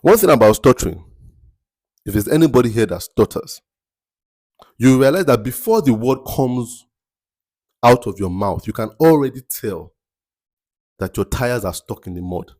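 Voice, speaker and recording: A man with a Nigerian accent hosting a faith-based motivational podcast, speaking slowly and deliberately and repeating words for emphasis. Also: mid-range voice, animated, a little mellow, no echo, studio quality. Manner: slow, deliberate, picks words carefully with emphatic repetition. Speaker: podcast host.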